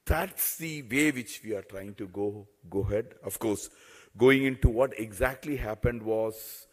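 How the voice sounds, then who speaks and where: A man's voice: on the low side, a little slow. A man, speaking as a telecom executive in a panel talk, earnest and often repeating or restarting his phrases.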